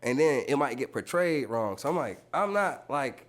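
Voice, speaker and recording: A man's voice: mid-range voice, sing-song, normal speed. A man, a tattoo artist, telling stories on a podcast in loose, slangy speech full of swearing, acting out quotes with sudden jumps in his voice. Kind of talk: casual podcast storytelling.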